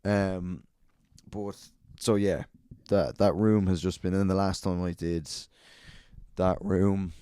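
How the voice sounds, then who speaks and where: A man's voice: deep voice, steady tone, slow, mellow, clean tone, no room sound, studio quality. A young man, a comedian hosting his podcast alone, telling gig stories in a profane, casual monologue and laughing at his own anecdotes.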